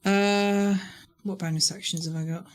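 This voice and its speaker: A man's voice: sits high, steady tone, normal speed, soft background music. A man playing in a tabletop game, casual and describing his character's actions as he goes. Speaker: player.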